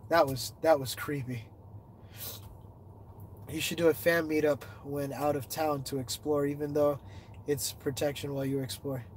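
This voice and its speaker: A man's voice: moderate pace, long pauses, slight background noise. Congested man chatting on a livestream. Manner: reads viewer comments aloud and answers them; animated storytelling, rising in pitch when excited. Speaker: livestreaming explorer. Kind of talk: casual livestream chat.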